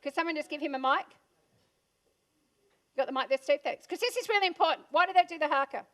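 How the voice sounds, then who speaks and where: A high-pitched Australian woman speaks to a live audience in an event room. Her delivery is punchy, and she keeps asking the crowd questions. She sounds like a motivational speaker on stage. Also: fast talker, a bit bright. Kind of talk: motivational keynote talk.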